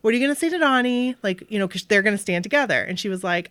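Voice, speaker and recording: A woman's voice: mid-range voice, quick pace, few pauses, no echo. Chatty podcast co-host woman, dry sound. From Maine. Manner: animated storytelling with bright acted-out quotes. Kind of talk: casual chat.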